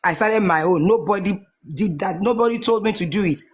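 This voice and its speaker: A woman's voice: mid-range voice, a little fast, slightly rough. A Nigerian woman in her forties giving an emotional personal testimony, earnest and repeating her phrases as she goes. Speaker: guest sharing a testimony.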